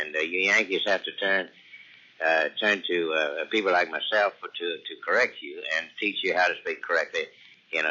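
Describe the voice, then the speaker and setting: A man's voice: low-pitched, sharp tone, full character voice. A man doing a rambling Texan billionaire. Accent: Texas. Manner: rambling, halting, full of ums. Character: pompous Texan billionaire politician phoning for money. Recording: dull lo-fi answering machine tape.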